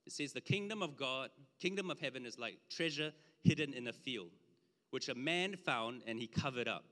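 A man preaching a conversational sermon with slides, emphatic at times and dropping low for asides. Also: lively intonation, moderate pace, sharp tone. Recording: long hall reverb.

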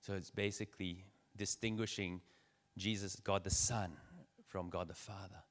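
A man's voice: low-pitched, fairly even intonation, normal speed. A man preaching a conversational sermon, joking with his listeners and building in energy. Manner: conversational preaching, teasing the audience, rising energy.

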